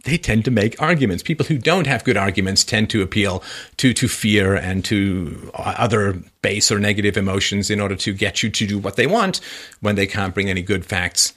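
A man's voice: moderate pace, a bit bright. Sarcastic male political commentator. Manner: mocking, swings into high quoted voices. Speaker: podcast host.

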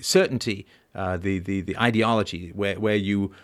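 A man's voice: sits low, steady tone, moderate pace. A middle-aged man hosting a show, talking through ideas in a discursive, emphatic monologue and checking in with frequent tag questions. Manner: discursive, emphatic, constant "right?" tags. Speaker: podcast host. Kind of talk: philosophical monologue.

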